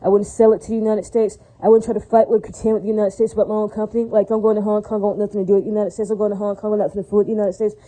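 A woman's voice: medium pitch, level tone, very fast, hardly any pauses, mellow, rough recording. A woman in a rambling casual monologue, preachy and full of religious phrases, often asking "does that make sense".

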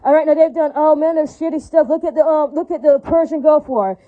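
A woman's voice: high voice, quick pace, phone-quality sound. A woman giving an angry, profane monologue rant, heated and preachy, with lots of repetition.

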